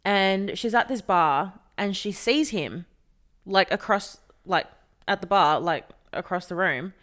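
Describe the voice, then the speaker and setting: A woman's voice: medium pitch, slow. A woman co-hosting a podcast, telling a story in casual chat, swearing freely and acting out the people in it. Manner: animated storyteller, swears freely, acts out quoted voices. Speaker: podcast co-host.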